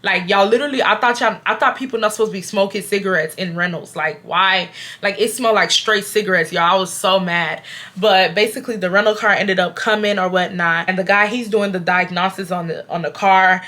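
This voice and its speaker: A woman in her twenties from Houston, Texas, telling a storytime to camera in an animated, casual way and often calling her viewers "y'all". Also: medium pitch, fairly quick. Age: 20s. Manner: animated, addresses viewers as "y'all", acts out quotes.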